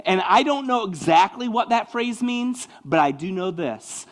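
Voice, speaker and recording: A man preaching a sermon as pastor, conversational and animated, slipping into mocking asides and dropping soft and slow on key lines. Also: high voice.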